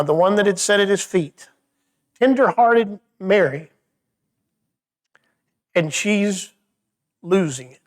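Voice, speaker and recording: A man with a notably high voice teaches a Bible study in church. He speaks conversationally, often restarting his sentences with little stammers, and his voice sinks quiet when he turns thoughtful.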